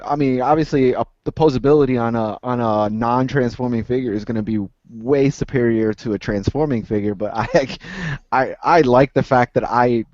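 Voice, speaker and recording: A mid-pitched man chats loosely, with lots of fillers and a ready laugh. The sound is dry and close. The stream audio is dull and lo-fi. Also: darkish tone, no room sound. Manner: chatty, laughs easily, filler-heavy. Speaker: podcast co-host. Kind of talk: casual collector chat.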